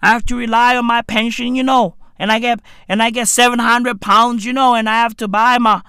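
Man doing a grumbling broke local, mumbling complaints, quick, dry close sound. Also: very high-pitched, level tone, bright, forceful tone, smooth, no room sound, heavily acted. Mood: complaining. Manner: mumbling complaint with constant "you know". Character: struggling hard-up Merseyside local, grumbling.

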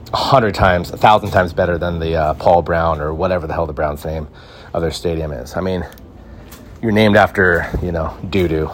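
A young podcast host records solo in a backyard, chatting casually into a phone. His voice is deep, and a little hiss or hum sits under it. He rambles easily, leaning on "like" and "right?" throughout.

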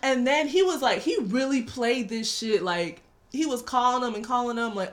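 Animated, profane woman ranting casually. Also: a little high, a little fast, few pauses. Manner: animated, swears a lot, talks straight to listeners. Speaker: podcast host.

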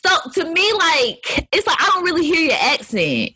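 A woman from North Carolina with a Southern accent, hosting a podcast in a playful, lively interview chat. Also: very high voice, moderate pace, no echo. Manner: animated, playful, laughs easily. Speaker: podcast host.

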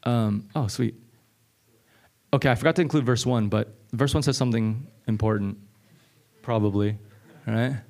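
A man preaching a conversational Bible-teaching sermon, energetic and repeating lines for emphasis, often checking in with "okay?" and "right?". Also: mid-range voice, moderate pace, creaky, long pauses. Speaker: pastor.

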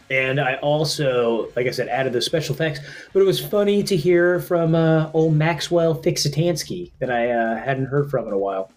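A man co-hosting a casual comedy podcast, rambling with restarts and laughing often. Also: on the high side. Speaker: podcast co-host and editor.

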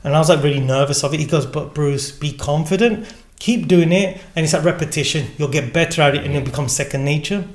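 A man, a gin distillery founder, telling a lively story in conversation and acting out the dialogue. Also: fast talker, few pauses. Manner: acts out quoted dialogue with changing pitch. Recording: echoey room.

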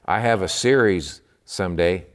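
A man from Texas gives a midweek sermon with fervent emphasis, his voice sitting on the low side. He preaches with conviction and an earnest, pressing drive. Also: moderate pace. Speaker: pastor.

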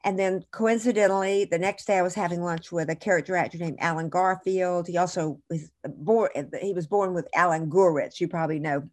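A woman's voice: fairly low pitch, steady tone, fairly quick, hardly any pauses. A woman guest in an interview, telling a long story in a chatty, digressive way and correcting herself as she goes.

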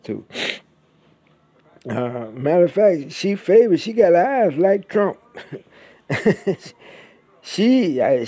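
A man delivering an angry, profane monologue as a podcaster, blunt and mocking, leaning hard on drawn-out words. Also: a little high, mellow, dry recording.

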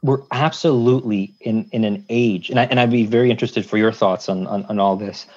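A man from Canada, a lawyer guest on a podcast, building long measured points with analogies and restarts. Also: lowish voice, darkish tone. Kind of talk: casual conversational interview. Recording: dull lo-fi sound.

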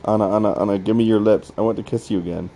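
A desperate trapped scientist coming apart, as a man reads him. His voice is low and mellow, but the speech comes in shaky, halting, pleading bursts. It is an audio reading of a horror log. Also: fairly even intonation, a little hiss or hum, close to an everyday voice, poor audio. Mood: delirious.

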